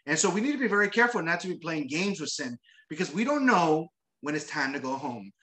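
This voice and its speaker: A man's voice: a little high, very animated, fast, pushed and bright. A man preaching a sermon after reading scripture aloud, talking conversationally, repeating words and often adding tag questions. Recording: roomy echo.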